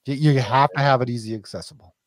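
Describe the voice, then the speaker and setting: A man's voice: mid-range voice, quick pace, dry recording. A man co-hosting a hockey podcast, ranting emphatically and repeating his points. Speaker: podcast co-host. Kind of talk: casual sports chat.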